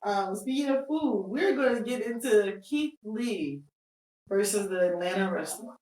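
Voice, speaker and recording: A woman's voice: mid-range voice, measured pace, dark tone, roomy sound, far from the mic, rough recording. A woman co-hosting a casual podcast chat, blunt and joking as she keeps steering the talk to the next topic. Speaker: podcast co-host.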